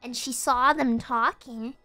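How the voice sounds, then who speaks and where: A high, bright woman's voice telling a story on a stream, quick to laugh and to shriek. She swears freely and keeps the telling animated. Faint music plays underneath.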